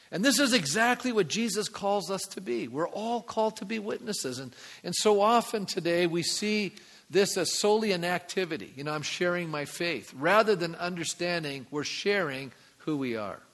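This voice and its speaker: A man's voice: on the high side, fairly bright tone. Man preaching a conversational sermon in a reverberant hall. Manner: conversational, asides to the congregation. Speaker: pastor. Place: church sanctuary.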